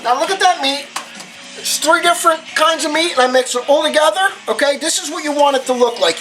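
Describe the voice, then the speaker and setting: A woman's voice: fairly quick, low-quality recording. A woman hosting a cooking lesson at home, chatty and upbeat, talking viewers through each step with frequent exclamations. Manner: chatty, upbeat, often exclaims "boom" and asks "okay?". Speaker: cooking show host. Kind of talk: casual cooking demonstration. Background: guitar music.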